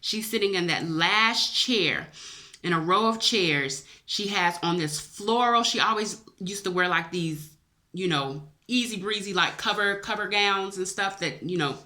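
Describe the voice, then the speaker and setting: Bright-voiced woman telling a dream story. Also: mid-range voice, unhurried. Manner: emotional, chatty, addresses viewers as y'all. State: teary-eyed. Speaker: vlogger. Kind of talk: personal storytelling to camera.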